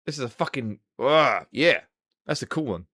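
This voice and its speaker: A man's voice: medium pitch, expressive, moderate pace, fairly bright tone. A young man hosting a casual live stream, chatting loosely with viewers and swearing now and then. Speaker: livestream host.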